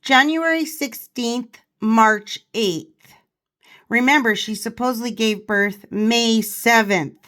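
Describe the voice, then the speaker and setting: A woman's voice: on the high side, slow, fairly bright tone. A woman vlogger in casual commentary, giggly and laughing often as she reads and reacts. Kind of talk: casual commentary reading a parody.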